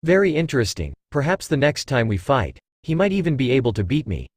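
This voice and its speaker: A cool, detached young male fighter from a storybook reading , voiced by a man. His questions come out even and matter-of-fact, with a dry, close sound. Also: mid-range voice, fairly quick, dry recording.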